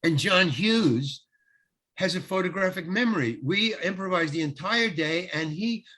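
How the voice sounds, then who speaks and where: A man's voice: high voice, expressive, a little slow, bright, forceful tone. An older man, a guest actor, rambling through showbiz anecdotes in casual talk, often restarting and acting out quoted dialogue.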